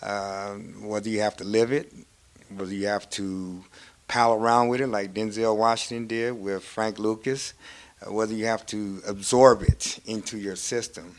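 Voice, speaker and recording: A male talk show host puts careful, measured questions to his guest. His voice sits on the low side. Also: fairly even intonation. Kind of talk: interview questions.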